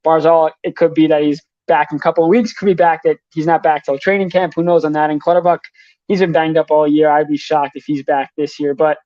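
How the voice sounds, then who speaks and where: A young man, a hockey reporter, rattling off names and contract figures in quick sports analysis. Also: a little high, level tone, dark tone, dry recording, lo-fi sound. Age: young adult. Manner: rapid, rattles off names and numbers.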